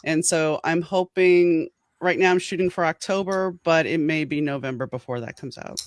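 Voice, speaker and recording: A woman's voice: deep voice, moderate pace, no echo. A woman author talking about her writing in an interview, earnest and reflective. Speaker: author guest. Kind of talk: casual interview chat.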